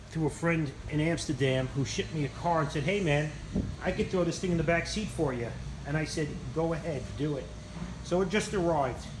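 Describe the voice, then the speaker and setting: A man's voice: on the high side, a bit bright, reverberant, slight background noise. A man rambling casually through a vlog tour of his machine shop, self-mocking and swearing freely. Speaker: channel host showing his machine shop.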